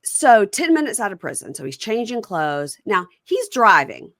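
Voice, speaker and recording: A middle-aged woman hosting a casual podcast chat, retelling a reality show scene by scene and acting out the quotes in a higher voice. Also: big pitch swings, moderate pace, fairly bright tone, no room sound. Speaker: podcast host.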